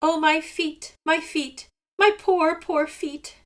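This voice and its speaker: A woman's voice: steady tone, normal speed, sharp tone. A woman voicing a stingy male seagull who whines and squawks in pain, in a storybook read-aloud. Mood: whining pain. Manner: whining, high squawking cries.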